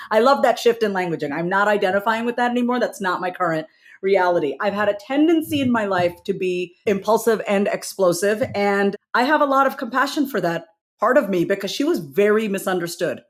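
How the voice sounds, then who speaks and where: A woman guesting on a podcast, speaking candidly and self-reflectively, quick to laugh, in casual conversation. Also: medium pitch, expressive.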